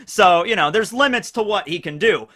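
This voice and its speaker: A man giving casual solo commentary on an anime, rambling with many fillers and animated asides. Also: high-pitched, normal speed. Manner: rambling, full of fillers, jumps into animated voices.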